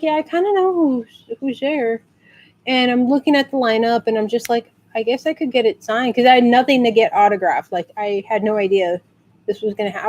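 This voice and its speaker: A woman from San Antonio, Texas, chatting casually in a rambling way and acting out quotes in high squeals. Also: a little mellow. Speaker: vlogger. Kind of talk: casual storytelling rant.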